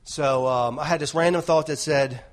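A man's voice: fairly high pitch, moderate pace. A man giving an informal sermon, telling a rambling personal story with many restarts and "right?" tags. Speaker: lay preacher.

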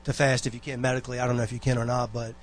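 A man's voice: medium pitch, flat delivery, very fast, a little hiss or hum. A man giving a rambling, folksy exhortation to a church congregation, full of asides and personal stories. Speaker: church member giving a talk.

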